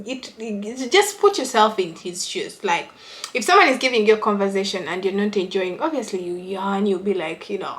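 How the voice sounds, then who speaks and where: A woman's voice: mid-range voice, fairly bright tone. A middle-aged woman vlogging relationship advice in casual chat, reading viewers' comments with a teasing, chatty manner. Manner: chatty, teasing, bursts into laughter.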